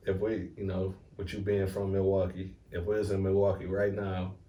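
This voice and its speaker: Deep, mellow-voiced host. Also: male voice, normal speed. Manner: relaxed, prompting questions with slang and short backchannels. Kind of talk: casual interview chat. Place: room in Michigan, recorded from a distance. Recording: roomy echo, distant mic, faint noise.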